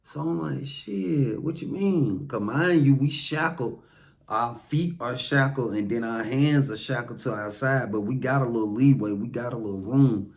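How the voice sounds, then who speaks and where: A man with an Atlanta Southern accent telling a first-hand story casually, profane and loose, acting out quotes with lively voices. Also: medium pitch, moderate pace. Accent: Southern American, Atlanta.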